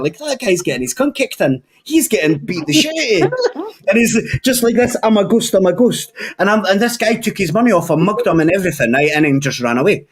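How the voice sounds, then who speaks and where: A man's voice: on the high side, fairly bright tone. A young Scottish man telling crude stories in a casual chat, swearing freely and laughing often. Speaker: podcast regular.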